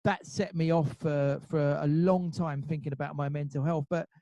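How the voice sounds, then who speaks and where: A man speaks as the interviewer, his voice fairly high for a man yet mellow and dark in tone. He stumbles through restarts and fillers as he reflects. The sound is close and dry, with no room behind it. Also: steady tone, normal speed, no echo. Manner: hesitant, many repeats and fillers. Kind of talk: casual interview talk.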